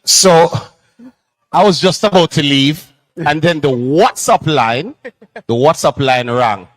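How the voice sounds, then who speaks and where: Man, telethon host, high voice, dry close sound, upbeat fundraising patter. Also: lively intonation, slow, a bit bright, dry recording, poor audio. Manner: upbeat, auction-style calling. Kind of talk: live fundraising hosting.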